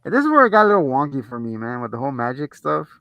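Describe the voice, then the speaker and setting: A man's voice: mid-range voice, rapid-fire, gravelly, no room sound, muffled recording, soft background music. Slangy man retelling a movie, dry sound. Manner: slangy, animated plot retelling. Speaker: podcast host. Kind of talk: casual movie review chat.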